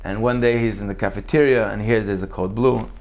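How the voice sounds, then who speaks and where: A man giving a Torah sermon in a lively storytelling way, acting out quotes with big jumps in his voice. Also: fast. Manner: animated, acts out quotes with big pitch jumps. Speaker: rabbi giving a Torah class.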